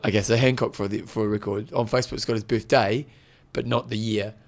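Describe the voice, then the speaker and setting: A man's voice: fairly low pitch, fairly even intonation, brisk. A man co-hosting a podcast in casual chat, full of teasing, jokey banter. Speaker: podcast co-host.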